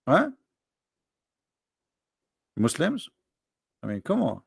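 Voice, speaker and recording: A middle-aged man hosting a livestream, joking sarcastically and reading the chat aloud, in halting non-native English. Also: on the high side, wildly swooping pitch, creaky, husky, no echo, studio quality. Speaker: livestream host. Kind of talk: casual live-chat banter.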